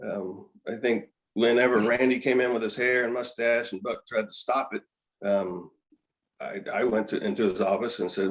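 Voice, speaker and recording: A man in his fifties, a podcast guest, telling animated stories in casual chat, often chuckling and repeating words. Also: lowish voice, moderate pace, rough recording. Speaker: podcast guest, former pitcher. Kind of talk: casual storytelling.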